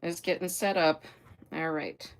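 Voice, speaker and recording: A woman's voice: deep voice, steady tone, measured pace. A middle-aged woman chatting casually on a live stream, greeting viewers by name and trailing off with fillers. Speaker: livestream host.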